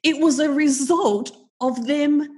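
A woman's voice: high-pitched, slow, a little mellow. A middle-aged Australian woman, a podcast guest speaking frankly and laughing easily in casual interview chat.

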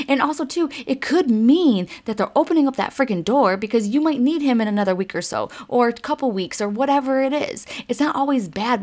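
A woman's voice: fairly high pitch, a little mellow. A woman, hosting a casual spiritual card reading and talking straight to her listeners in a chatty, emphatic way. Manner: chatty and emphatic, swears mildly, addresses listeners directly. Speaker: spiritual card reader, podcast host.

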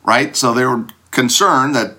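Bright-voiced man telling a self-mocking story. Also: unhurried. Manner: self-deprecating, animated, acts out others' lines in pitched-up voices. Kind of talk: personal anecdote told to an audience.

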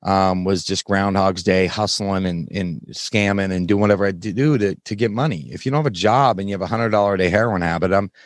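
Frank male podcast guest, low voice, dry close sound, blunt storyteller. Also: no room sound. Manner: frank, plain-spoken, occasional swearing; halting, many fillers and restarts while recounting. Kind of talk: candid interview storytelling.

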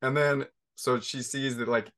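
Podcast host, man, 30s, mid-pitched, rambling storyteller with many restarts. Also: steady tone, unhurried, a bit bright. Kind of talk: conversational interview.

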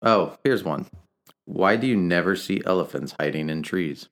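A man, the host's husband, casually telling dad jokes on a podcast with playful deadpan punchlines. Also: deep voice, moderate pace.

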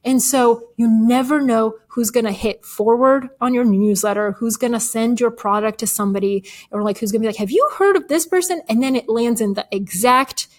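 Woman guest telling a story, kinda high voice, laughs a lot, casual. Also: moderate pace, few pauses. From Bulgarian American. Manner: chatty, laughs often, quotes others in animated voices. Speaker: guest, author. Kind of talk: casual interview chat.

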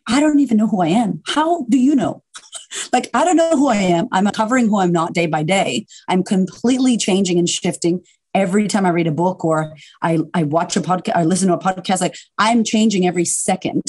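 A woman guest on a podcast, a confidence coach talking in an animated, emphatic way and swearing casually. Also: lowish voice, a little fast. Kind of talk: casual interview chat.

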